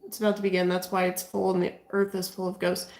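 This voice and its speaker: A woman's voice: on the low side, completely flat delivery, fast, a little mellow, echoey room, low-quality recording. A woman chatting casually during a ghost-hunting session at a house. She keeps trailing off and restarting, and she stops to ask the spirits questions. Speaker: paranormal investigator. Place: room inside a house.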